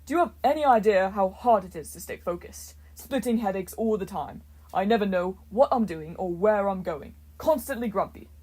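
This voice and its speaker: A woman's voice: mid-range voice, lively intonation, moderate pace, warm tone, husky. Woman doing Bacchus, a lazy drawling wine god. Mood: irritated. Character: lazy grumpy wine god, man around thirty.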